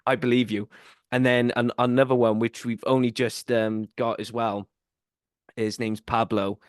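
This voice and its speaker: A man's voice: mid-range voice, flat delivery, normal speed, smooth, no echo, studio quality. A male podcast host, telling a rambling story in a casual chat, full of fillers.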